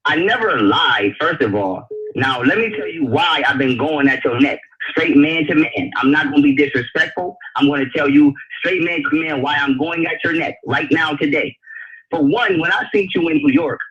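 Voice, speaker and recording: A man's voice: fairly high pitch, normal speed, highs cut off, a crowd in the background. A man in a heated live-chat argument, blunt and confrontational, cursing freely.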